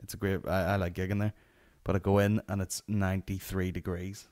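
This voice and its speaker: A man's voice: low voice, flat delivery, brisk, a little mellow. A young Northern Irish man hosting a solo comedy podcast, telling a rambling, sweary anecdote. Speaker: podcast host.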